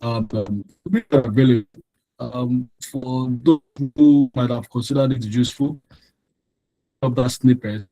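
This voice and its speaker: Man tutoring with a dark, dry voice. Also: medium pitch, fairly even intonation, measured pace, no room sound, rough recording. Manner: explanatory, repeats phrases, frequent ums and restarts. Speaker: exam tutor. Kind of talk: online exam-prep lesson with screen share.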